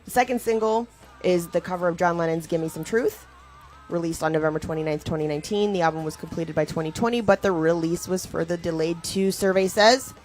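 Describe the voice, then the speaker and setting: A woman in her thirties with a notably low voice, co-hosting a casual podcast. She is playful and quick to giggle, and she reads notes aloud over faint music. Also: a little mellow. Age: 30s. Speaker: podcast co-host.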